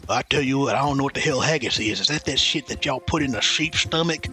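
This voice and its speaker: A man's voice: mid-range voice, fast, pushed and bright, soft background music. A man streaming a video game, joking and rambling as he thanks chat by name. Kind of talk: casual live-stream chat.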